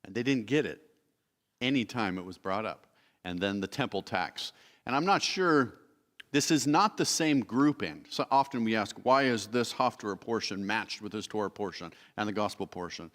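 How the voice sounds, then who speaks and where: A man's voice: on the low side, fairly bright tone. Man teaching scripture in a reverberant hall. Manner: explanatory, pausing to correct himself, reading verses aloud. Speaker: preacher teaching a Bible study. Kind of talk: Bible teaching sermon. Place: church sanctuary.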